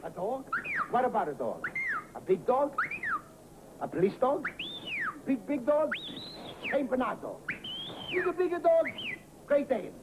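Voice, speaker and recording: A man in an old film scene guessing words excitedly, repeating them over and over. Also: very high voice, a little slow, pauses often, full character voice. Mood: eager guessing. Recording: tinny, hissy old film soundtrack.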